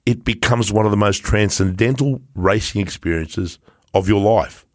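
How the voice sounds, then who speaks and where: A podcast co-host with a lowish voice tells stories in casual conversation, swearing freely and laughing often. He speaks at a moderate pace, and the studio recording is clean and dry.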